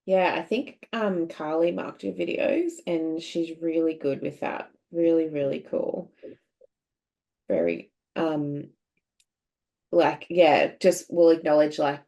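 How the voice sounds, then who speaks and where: Australian woman, podcast host, casual chat, encouraging, slightly low voice. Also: slow pace, creaky. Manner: chatty, warm laughter, encouraging.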